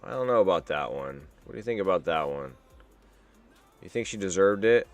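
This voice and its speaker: A man's voice: low voice, animated, a little fast, soft background music. A man hosting a live stream, reacting to news in a rambling, wisecracking way and swearing freely. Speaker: streamer host.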